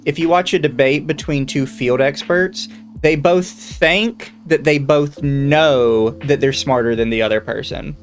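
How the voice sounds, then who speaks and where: A man's voice: a little high, unhurried, faint music behind. A man with a Southern American accent, hosting a casual podcast chat with dry, wry storytelling. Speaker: podcast host.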